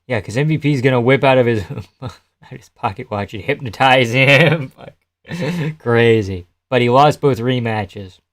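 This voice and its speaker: A man's voice: mid-range voice, unhurried. A young man live-streaming casual commentary, laughing often, swearing and answering his chat as he talks.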